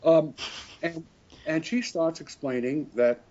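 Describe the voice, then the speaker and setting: A slow, somewhat high-pitched and slightly mellow male voice belongs to an older French horn player. In a casual interview captured on a dull lo-fi recording, he tells meandering anecdotes, often chuckling and correcting himself.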